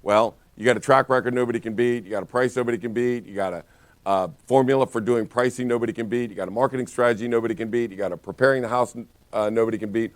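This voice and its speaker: A man's voice: mid-range voice, fast, dry recording. A man teaching a real estate training session, telling stories with lots of energy and frequent restarts. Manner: energetic storytelling with many restarts. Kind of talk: live training talk.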